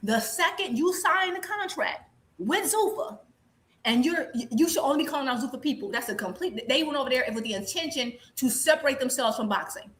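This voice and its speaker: A woman's voice: sits high, expressive, a little fast, fairly bright tone. A woman co-hosting a boxing show, arguing her point insistently, repeating herself and talking over the others. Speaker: co-host of a boxing podcast. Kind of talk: heated casual debate.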